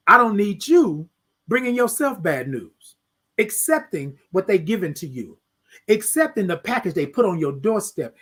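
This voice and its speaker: A man's voice: high-pitched, pushed and bright, husky. A man hosting a motivational morning livestream, preaching to his viewers as y'all and repeating his phrases. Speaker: host.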